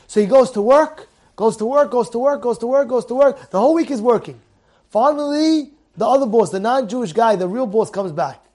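A man teaching a Torah class in a lively storytelling way, repeating phrases and acting out the people in his stories. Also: extremely high pitch, fairly quick. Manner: animated, repeats phrases, acts out characters.

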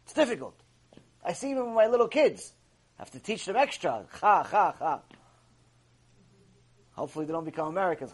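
A man gives a religious lecture in a raspy, higher-pitched voice. He drives his points home by repeating key phrases. His delivery is emphatic and instructive. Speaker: rabbi teaching a Torah class.

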